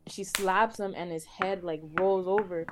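A woman's voice: medium pitch, steady tone, a little slow, music in the background. A young woman, co-host of a podcast, casually retelling a tale with lots of filler words. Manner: chatty, filler-heavy retelling. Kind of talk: casual storytelling.

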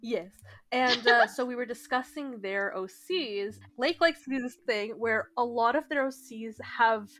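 A woman's voice: on the high side, a bit bright, no echo. Giggly bantering woman co-host. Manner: giggly, bantering, quick asides. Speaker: podcast co-host. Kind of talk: casual podcast chat.

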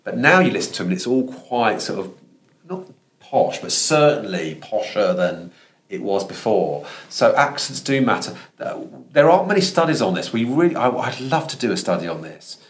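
A man's voice: mid-range voice, sing-song, normal speed. A man from London with a Thames Estuary accent, a professor speaking as a guest on a podcast, earnest and thinking aloud with frequent restarts. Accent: Thames Estuary English. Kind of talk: conversational podcast interview.

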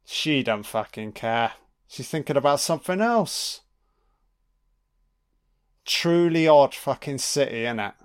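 A man's voice: mid-range voice, lively intonation, slow pace, pauses often, smooth. A man giving casual, sweary commentary on a film, talking back to the characters on screen. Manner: sweary, mocking asides to the screen.

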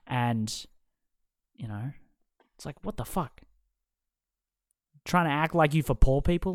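A man's voice: medium pitch, animated, normal speed, long pauses, dry recording, clean studio sound. A young man hosting a podcast, ranting heatedly and swearing constantly as he picks apart someone's opinions. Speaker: podcast host. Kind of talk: casual podcast rant.

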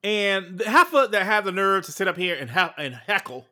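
A man co-hosting a podcast, sassy and animated in casual chat, quick to call people names. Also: high-pitched. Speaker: podcast co-host.

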